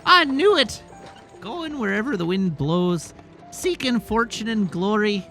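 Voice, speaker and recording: A sly, chatty old peddler, put on by a man rambles in a folksy rustic drawl from a video game. The voice runs bright and bouncy, swinging freely up and down as it spins its tale. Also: sits high, animated, a little slow, faint music behind, full character voice. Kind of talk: reading game dialogue in character.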